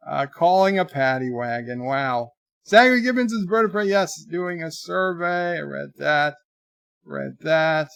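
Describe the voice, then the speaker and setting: Chatty male streamer in his forties, slightly high voice, reads out chat messages, dry close sound. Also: vocal fry, a bit bright, dry recording. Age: 40s. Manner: chatty, reads viewer messages aloud in a lifted voice. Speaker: livestream host. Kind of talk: casual live commentary, reading viewer chats.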